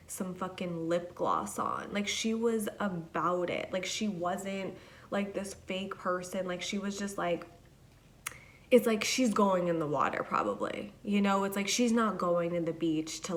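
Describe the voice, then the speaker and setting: Chatty young woman telling a story. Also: fairly low pitch. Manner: chatty, swearing, lots of "like". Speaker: podcast host. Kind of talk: casual solo storytelling.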